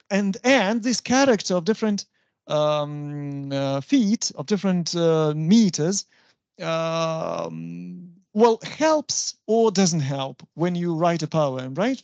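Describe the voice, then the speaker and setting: A university lecturer, explaining patiently and often checking understanding with a quick "right?". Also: mid-range voice, a little mellow, dry recording. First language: Russian. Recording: dull, dry lo-fi recording.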